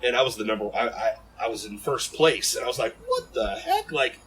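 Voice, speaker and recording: Low-voiced man telling a story. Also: quick pace, poor audio. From Ohio, USA. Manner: animated, rambling, lots of fillers and restarts. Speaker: podcast guest. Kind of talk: casual storytelling in an interview.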